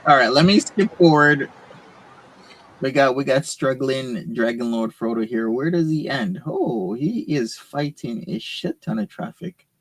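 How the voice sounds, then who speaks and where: A man's voice: medium pitch, lively intonation, unhurried, a bit bright. A man hosting a stream, giving casual, teasing commentary on a clip. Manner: teasing, mocking banter with chat. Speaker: stream host reacting to a clip.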